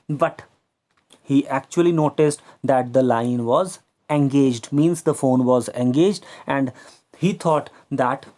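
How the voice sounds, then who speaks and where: A man's voice: mid-range voice, a little mellow. A man teaching a story lesson, patiently explaining and repeating words, now and then slipping into Hindi. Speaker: English teacher.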